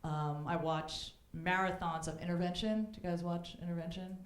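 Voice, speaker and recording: A woman's voice: fairly low pitch, fairly even intonation, moderate pace. Brash, bawdy woman doing stand-up in an echoey club. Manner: brash, bawdy, jumps into mocking voices for quoted people. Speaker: stand-up comedian. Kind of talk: stand-up comedy set. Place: comedy club stage with a live audience.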